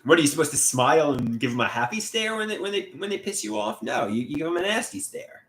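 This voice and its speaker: A man chatting on a casual livestream, reading viewers' comments and answering them in a rambling way, often restarting words. His pitch moves around a lot as he talks. The voice carries the ring of an echoey room. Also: big pitch swings, fast talker, a bit bright.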